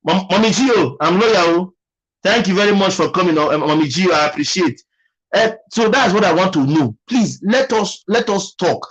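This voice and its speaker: A man's voice: high voice, lively intonation, moderate pace, slightly rough, muffled recording. A man with a Nigerian accent hosting a casual live stream, musing aloud and thanking viewers by name.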